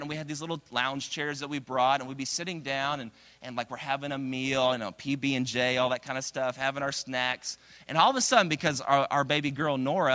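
A young man preaching a sermon, energetic and animated, acting out quotes with big jumps in his voice. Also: fairly high pitch. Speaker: pastor.

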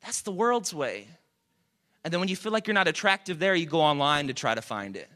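Bright-voiced male pastor preaching. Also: lively intonation, a little fast. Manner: builds to loud emphatic peaks, then drops low and quiet. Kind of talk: sermon. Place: church auditorium with live audience.

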